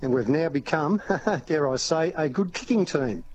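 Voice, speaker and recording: Jovial Australian man calling talkback radio, higher-pitched, faint noise behind. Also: lively intonation, moderate pace, dull audio. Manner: jovial, confident. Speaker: caller. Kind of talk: talkback phone call.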